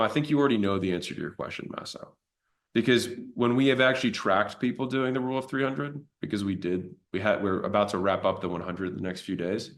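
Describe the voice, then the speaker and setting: A man with a fairly low voice tells a story from his early business days. His delivery is casual and conversational, and he is blunt enough to swear along the way. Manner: animated retelling of his own past. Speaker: entrepreneur telling a business story.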